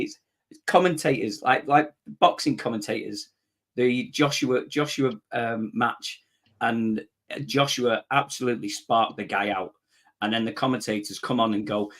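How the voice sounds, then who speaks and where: A man co-hosting a casual football podcast, blunt and animated, laughing often. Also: medium pitch. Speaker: podcast co-host.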